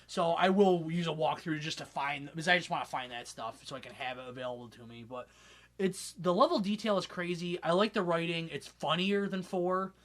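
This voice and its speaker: Bright-voiced rambling young man. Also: a little high, brisk. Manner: rambling, laughs often, swears casually. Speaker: podcast host. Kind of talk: casual chat.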